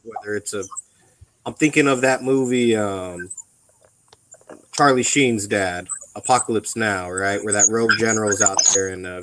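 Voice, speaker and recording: A man speaking at an ordinary middle pitch in loose, rambling casual chat. He gets blunt and swears freely, pausing often on ums. A faint hiss sits under the voice. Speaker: veteran on a live radio chat.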